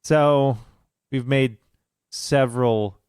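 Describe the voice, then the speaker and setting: A man's voice: medium pitch, fairly even intonation, very slow, a little mellow, clean tone, no room sound, clean studio sound. A man chatting laid-back on a podcast, swearing and laughing casually. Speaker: podcast co-host. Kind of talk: casual chat.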